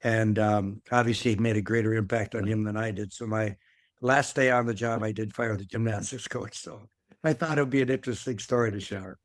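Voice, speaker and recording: A man's voice: lowish voice, steady tone, brisk, no echo, studio quality. An older man, a guest in an interview, telling a long career story in a rambling way, often repeating words and filling with "uh". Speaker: guest, former athletic director. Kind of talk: conversational storytelling.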